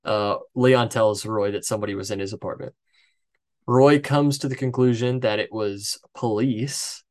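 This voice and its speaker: A man with a mid-range voice casually recapping a movie plot on a podcast, reading from his notes. He talks over a headset, loose and chatty, throwing in swears and quick jokes to his co-host. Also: mid-range voice.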